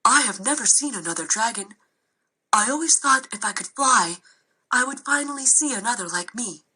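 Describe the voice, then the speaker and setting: A woman voicing a gentle, lonely young male dragon who speaks softly and earnestly in a storybook reading. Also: medium pitch, lively intonation, fairly quick, breathy edge. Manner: soft, earnest.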